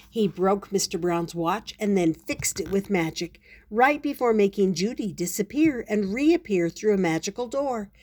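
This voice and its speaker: Older woman, picture-book reader, gentle storytelling delivery. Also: medium pitch, animated, measured pace. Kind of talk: reading a picture book aloud.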